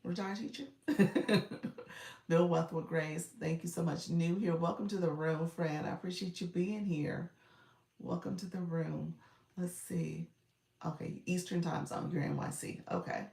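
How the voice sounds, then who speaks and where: Woman coach, casual live chat, gravelly edge, roomy and a bit off-mic. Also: on the low side, fairly even intonation, dark tone, distant mic. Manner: chatty, greets viewers by name, quick asides.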